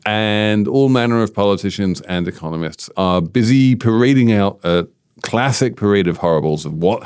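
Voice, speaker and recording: A man's voice: fairly low pitch, a little mellow, clear, resonant tone, no echo, clean studio sound. Wry British man hosting a podcast. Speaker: podcast host. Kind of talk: casual podcast chat.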